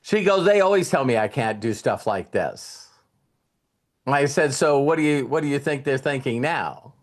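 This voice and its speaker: A man's voice: medium pitch, expressive, moderate pace. A man giving a casual motivational talk, telling a story and retelling conversations with repeated words and restarts. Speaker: motivational speaker.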